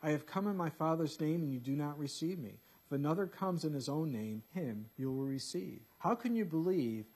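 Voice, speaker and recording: Guy preaching a bible study sermon, kinda husky voice, earnest and emphatic. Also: fairly high pitch, lively intonation, moderate pace, few pauses, darkish tone. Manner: earnest, emphatic scripture reading with casual asides.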